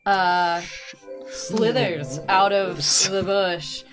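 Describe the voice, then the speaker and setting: A woman's voice: mid-range voice, very slow, over music. A woman player introducing her character at the game table, hesitant and giggly, with ums.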